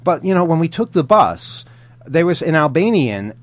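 A man's voice: on the high side, sing-song, moderate pace. A man co-hosting a podcast, telling travel stories in casual chat, rambling with many fillers and restarts and chuckling often. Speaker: podcast co-host.

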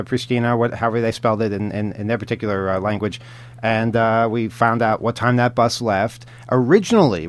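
A man co-hosting a podcast recounts a trip in loose, easygoing chat. He rambles and restarts his sentences, fills pauses with "uh", and chuckles as he goes. His voice sits at an ordinary middle pitch. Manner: rambling, many fillers and restarts, chuckles often. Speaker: podcast co-host. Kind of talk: casual travel chat.

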